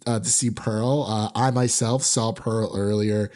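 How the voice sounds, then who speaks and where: A man's voice: on the low side, fairly even intonation, unhurried, darkish tone. A young man hosting a film review podcast, chatting casually into his microphone, rambling with many fillers and restarts. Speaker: podcast host.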